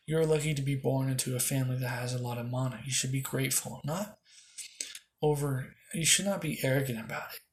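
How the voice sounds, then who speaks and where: Fan-story brief: a man reading a brash young male commoner, earnest and preachy, mid pitch. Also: slight background noise, natural voice. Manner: earnest, lecturing, trailing restarts.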